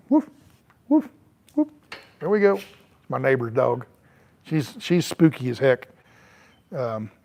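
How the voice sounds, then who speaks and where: A middle-aged man's mid-range voice comes across gravelly and a little mellow. He is a travel vlogger chatting in a rambling, casual way on his porch outside, with many fillers and restarts.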